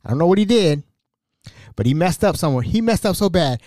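A man's voice: on the high side, lively intonation, a little fast, warm tone, no room sound, clean studio sound. A young man hosting a podcast, casually telling family stories with laughs and imitations of relatives. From Ohio. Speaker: podcast host. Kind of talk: casual storytelling monologue.

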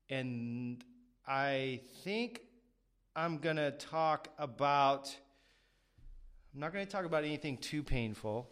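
Male podcast host, young adult, smooth resonant voice, rambling self-deprecating chat. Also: medium pitch, expressive, takes it slowly, long pauses, a bit bright. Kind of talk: casual interview chat.

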